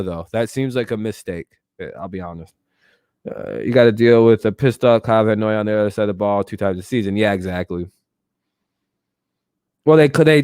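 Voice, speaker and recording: A man hosting a loose live sports stream. He swears a lot, gets worked up and answers his chat as he goes. His voice is mid-pitched and sounds dry and close, with no room echo. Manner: excitable, profane, talks back to chat. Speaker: streamer host.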